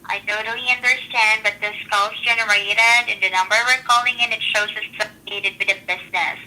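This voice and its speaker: A woman calling from a service department, reading a scripted sales call in a brisk, pushy way. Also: medium pitch, steady tone, bright, forceful tone. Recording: tinny phone line.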